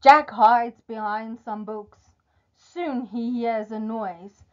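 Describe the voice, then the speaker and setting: Slow, clear woman teacher reading aloud. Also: a little high, darkish tone. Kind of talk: reading a storybook aloud for a class. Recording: dull lo-fi recording.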